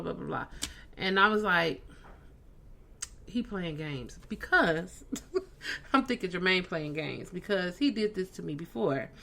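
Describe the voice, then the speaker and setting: A woman's voice: lowish voice, gravelly, pushed and bright. A woman comedian and podcast host telling a story in casual chat, acting out the dialogue she quotes.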